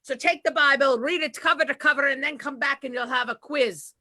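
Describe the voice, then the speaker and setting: A woman voicing a strict old Irish Catholic grandmother who scolds slowly in a Russian-sounding accent. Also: sits high. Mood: lecturing. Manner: scolding, shouting, slow. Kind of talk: stand-up character bit.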